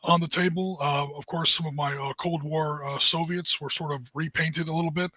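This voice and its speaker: Husky, bright-toned male co-host; chatty, hesitant; dry, dull lo-fi mic. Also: on the high side, fairly even intonation, brisk, dry recording. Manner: chatty, hesitant with many uhs. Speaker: podcast co-host. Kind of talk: casual podcast chat.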